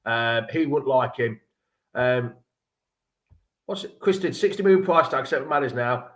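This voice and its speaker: A man's voice: medium pitch, lively intonation, measured pace, a bit bright, reverberant. A man hosting a live fan-show stream from his home, rambling casually and joking with viewers in the chat. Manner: chatty, rambling, jokey banter with viewers. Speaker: fan channel livestream host. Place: room at home.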